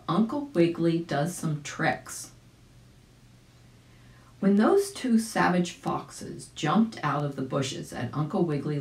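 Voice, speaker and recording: A woman reads a children's storybook aloud in a gentle, unhurried way. Her voice sits low and slow. An echoey room carries it. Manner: gentle, storybook reading with small asides. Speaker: volunteer story reader. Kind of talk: audiobook read-aloud for children.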